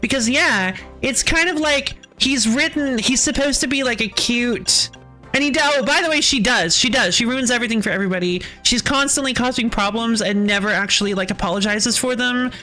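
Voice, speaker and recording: A woman's voice: fairly high pitch, brisk, sharp tone, soft background music. A woman streamer chatting casually while playing, ranting with frequent laughs and sighs. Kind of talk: casual game stream chat.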